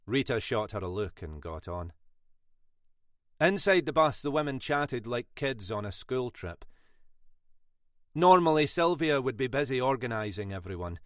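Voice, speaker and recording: In clean studio sound with no echo, a male narrator delivers a scripted thriller audiobook. He reads at a medium pitch, measured yet expressive.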